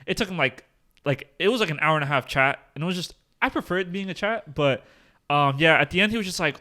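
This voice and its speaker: A young man hosting a podcast, telling stories in a slangy, animated way with plenty of swearing. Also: fairly high pitch, fairly quick. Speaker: podcast host. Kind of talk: casual chat.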